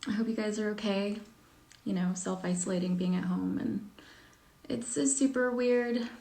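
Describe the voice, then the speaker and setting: A woman's voice: mid-range voice, steady tone, normal speed, gravelly, warm tone. A woman talking casually on a live stream, answering reader questions with lots of fillers and a self-deprecating tone. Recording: echoey room.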